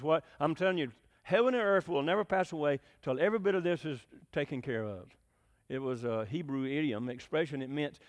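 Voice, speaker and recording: High-voiced folksy preacher. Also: male voice. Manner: folksy, asks the congregation questions, chuckles. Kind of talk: conversational sermon.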